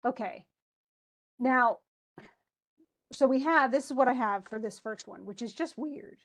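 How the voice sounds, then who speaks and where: A woman's voice: a little high, measured pace, a bit bright. A woman teaching an English class, reading a poem aloud and then explaining its stresses with frequent restarts. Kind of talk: classroom lesson.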